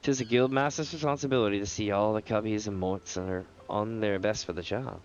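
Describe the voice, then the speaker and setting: A man voicing a gruff, streetwise male rogue guildmaster from a game, folksy and calling people lass. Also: on the low side, steady tone, brisk, slight background noise, close to an everyday voice. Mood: stern. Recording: dull lo-fi stream audio.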